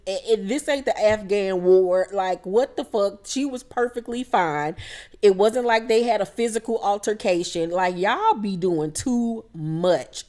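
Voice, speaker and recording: A woman's voice: mid-range voice, a little mellow. Blunt, profane woman recapping reality TV. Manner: blunt, profane, quotes cast members in quick impressions. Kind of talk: casual recap commentary.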